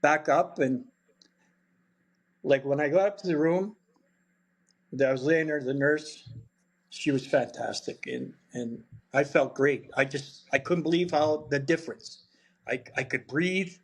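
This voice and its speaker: A man's voice: on the high side, a little slow, long pauses, breathy edge. A man, a podcast guest telling a story in a chatty, blunt way and laughing along. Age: 70s. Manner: chatty, blunt, swears freely, laughs through stories. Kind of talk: casual storytelling.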